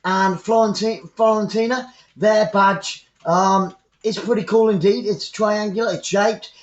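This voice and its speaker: A man with an English accent giving chatty, excitable live football commentary as a fan, rambling into asides to his viewers. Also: sits high, measured pace, echoey room, dull audio.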